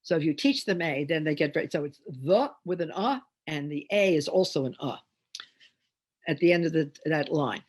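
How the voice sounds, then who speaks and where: An older woman, a reading teacher, giving an instructional demonstration and sounding out phonemes slowly and deliberately. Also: sits low, lively intonation, darkish tone.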